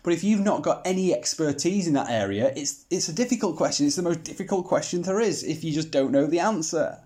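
A man's voice: on the high side, lively intonation, fast, mellow. Man teaching with rhetorical questions. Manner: rhetorical questions, mildly sarcastic humor. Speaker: Bible teacher. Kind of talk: scripted teaching talk.

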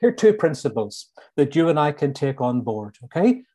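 A middle-aged man from Northern Ireland with a Northern Irish accent, preaching a sermon and slowly repeating his key lines for emphasis. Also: on the high side, sing-song, mellow.

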